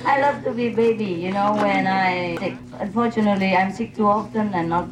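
A woman's voice: mid-range voice, brisk, very noisy. A woman spiritual teacher answering questions from a gathering in non-native English, playful and laughing often.

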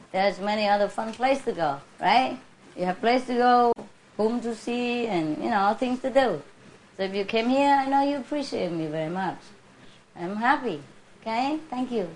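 Woman, spiritual teacher, chatty and laughing a lot, slightly high voice. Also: slight background noise. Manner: warm, chuckling, conversational, laughs often.

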